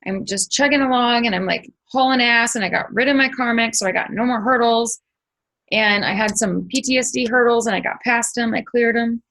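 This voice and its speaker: Gravelly-voiced woman telling a spiritual story. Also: fairly high pitch, a little fast, poor audio. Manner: swears freely, animated retelling with sound effects. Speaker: spiritual channel host.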